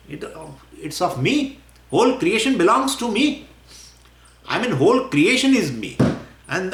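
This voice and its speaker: A man teaching scripture in a lecture. He talks in an animated way, acts out imagined questions and often chuckles. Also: high-pitched. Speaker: spiritual teacher. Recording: roomy echo.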